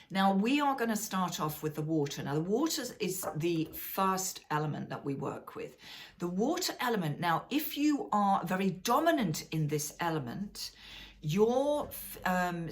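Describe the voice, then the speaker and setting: A middle-aged woman, teaching a wellness lesson in a chatty, animated way and often checking in with listeners. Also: fairly low pitch. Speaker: wellness coach. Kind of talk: casual teaching talk.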